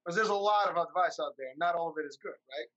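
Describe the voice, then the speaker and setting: A man's voice: fairly high pitch, fast, bright, forceful tone, highs cut off. A man hosting a podcast, upbeat and talkative, asking long rambling questions. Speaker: podcast host. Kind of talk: casual interview chat.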